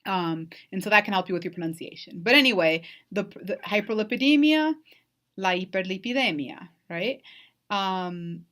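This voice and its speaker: Woman instructor, slightly low voice, recorded online lecture, patient explainer with lots of "right?" and "um". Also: normal speed, fairly bright tone. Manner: explanatory, frequent "right?" and "um" checks. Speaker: Spanish instructor.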